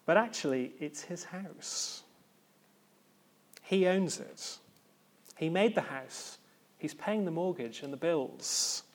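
A man preaching a sermon in an earnest, reflective way, with pauses and gentle emphasis. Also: on the high side, animated.

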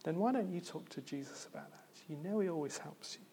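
Earnest preacher man, slightly high voice. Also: expressive, quick pace, mellow, breathy edge. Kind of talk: sermon.

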